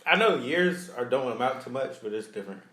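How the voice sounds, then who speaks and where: A man's voice: medium pitch, expressive, brisk, roomy sound, crowd noise. A young man co-hosting a podcast, chatting casually in a playful, slangy way with bursts of laughter. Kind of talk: casual chat.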